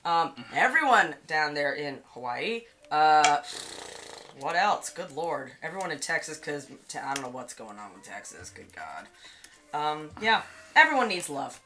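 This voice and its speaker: A woman's voice: deep voice, lively intonation, normal speed, pushed and bright. A tired woman co-hosting a casual livestream, chatty and giggly as she reads the chat aloud. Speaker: livestream co-host. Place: home studio in Los Angeles area.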